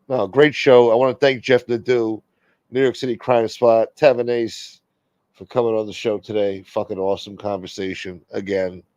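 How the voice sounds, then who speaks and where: This middle-aged streamer's voice is on the low side and a little mellow, with no room sound on the dull lo-fi audio. His casual talk meanders through complaints and plenty of swearing.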